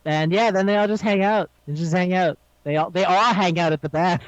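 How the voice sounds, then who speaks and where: A man's voice: high voice, a little fast, clear, resonant tone, no room sound. A man chatting casually on a podcast, rambling, swearing often and laughing a lot. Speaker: podcast co-host. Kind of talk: casual chat recapping an anime. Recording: slightly dull lo-fi sound.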